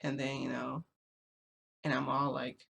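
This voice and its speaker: Woman vlogging, crackly fry in her voice, rambly and giggly, voice kinda breaking. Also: extremely low pitch, little pitch movement, measured pace, fairly bright tone. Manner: rambling, full of fillers and giggles. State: voice cracking from screaming. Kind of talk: casual storytime chat.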